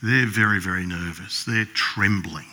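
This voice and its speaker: A male pastor preaches, retelling the story vividly and dropping into a hushed voice for the characters. His voice sits fairly low but sounds bright and forceful, and he clears his throat now and then. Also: measured pace. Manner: storytelling, acts out the brothers' lines in a hushed voice. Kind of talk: sermon.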